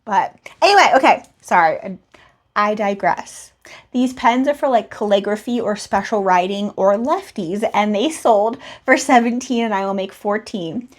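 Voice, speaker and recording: A woman's voice: mid-range voice, normal speed. A young adult woman recapping her recent resale sales in a chatty, rambling way, with asides and self-deprecating laughs. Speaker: reseller vlogger.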